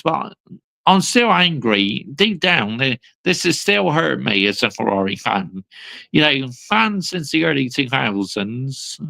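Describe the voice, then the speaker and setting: Young British male streamer, gravelly voice with big swings in pitch, repetitive ranting at his viewers. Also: bright, forceful tone. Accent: British English. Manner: ranting, repetitive, addresses viewers as people and mate. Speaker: livestream host. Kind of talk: fan rant on a livestream.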